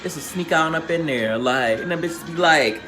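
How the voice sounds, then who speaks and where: A man gives a casual reality show recap with a fairly high, bright voice. He tells it in a sassy, slangy, theatrical way. Faint music plays underneath. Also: moderate pace.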